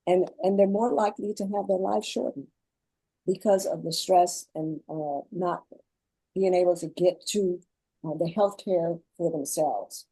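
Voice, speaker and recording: Low, warm-toned woman speaking earnestly. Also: measured pace, slightly rough, dry recording, poor audio. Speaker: guest author and caregiver. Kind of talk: panel discussion.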